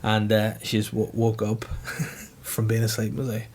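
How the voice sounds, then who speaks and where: A man's voice: lowish voice, level tone, a little mellow, slight background noise. Sweary man in casual podcast banter. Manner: swears often, acts out other people in quick bursts.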